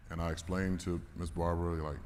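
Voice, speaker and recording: A man's voice: deep voice, level tone, fairly quick, a little mellow. A man giving a candid, emotional storytelling talk at a conference, swearing and laughing now and then. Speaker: conference speaker. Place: large conference hall. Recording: reverberant hall with faint noise.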